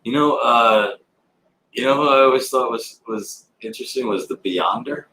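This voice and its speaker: A man guest at a comic shop signing, telling stories in a relaxed, rambling way with fillers. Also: medium pitch, moderate pace. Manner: relaxed storytelling with filler words and restarts. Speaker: actor and guest. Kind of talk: casual interview chat. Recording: roomy, with faint background noise.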